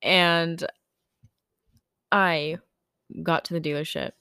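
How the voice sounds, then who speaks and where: A teenage girl, somewhat low in pitch, chats casually with a friend and acts out other people's lines as she tells her story. The sound is dry and close, with no room echo. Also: steady tone, slow pace, creaky, bright, forceful tone, smooth. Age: teens. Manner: chatty storyteller, acts out quotes, laughs often. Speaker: podcast co-host. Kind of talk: casual chat. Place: indoors at home.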